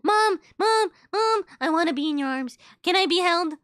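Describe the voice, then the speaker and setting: A woman voicing a childlike male pet creature with a toddler's mind, whining and pleading in a high voice. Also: animated, normal speed, fairly bright tone, dry recording, clean studio sound.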